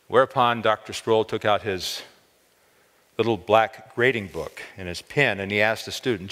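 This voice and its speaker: A man preaching a storytelling sermon in a college chapel, voice lifting on key words. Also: normal speed. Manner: expressive, lifts pitch on key words. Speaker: chapel speaker. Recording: long hall reverb.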